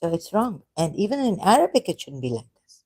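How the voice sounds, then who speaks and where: A woman on a live stream, thinking aloud in a halting, hesitant way and correcting herself as she goes. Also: fairly low pitch, big pitch swings, a little mellow, breathy edge, dry recording.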